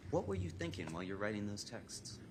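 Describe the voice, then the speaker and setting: A man serving as an attorney, questioning a witness in a courtroom and reading text messages aloud, steady and methodical. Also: on the low side, a little fast. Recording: courtroom audio with clear background noise.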